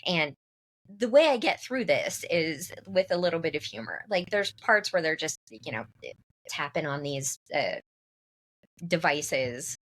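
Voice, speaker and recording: A woman co-host spinning a funny anecdote, animated and lively as she acts out quoted lines. Her voice sits a little low for a woman. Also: measured pace. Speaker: podcast co-host. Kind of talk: casual storytelling.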